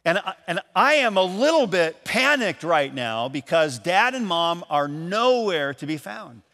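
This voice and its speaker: High-voiced pastor preaching in a reverberant hall. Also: male voice, unhurried. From Michigan, USA. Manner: storytelling, animated, acts out calls and quotes. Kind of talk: sermon. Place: church.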